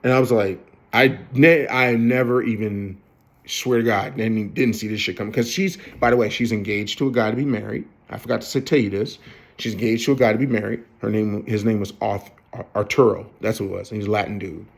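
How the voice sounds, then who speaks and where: A man's voice: lowish voice, steady tone, brisk, gravelly. A man of fifty telling a long personal story to the camera, rambling and profane, with many fillers and restarts. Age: 50s. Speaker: vlogger.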